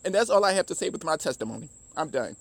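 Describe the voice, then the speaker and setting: A man's voice: a little high, sing-song, fast talker, creaky. A man with a Southern US accent giving an earnest, emotional personal testimony, repeating himself and restarting sentences. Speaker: former deli worker giving testimony.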